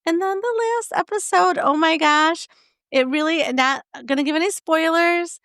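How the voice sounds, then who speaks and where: A woman co-hosting a podcast, chatting casually and telling lively stories. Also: very high voice, normal speed, dry recording, studio quality. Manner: chatty, animated storytelling with laughs. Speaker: podcast co-host. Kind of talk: casual chat.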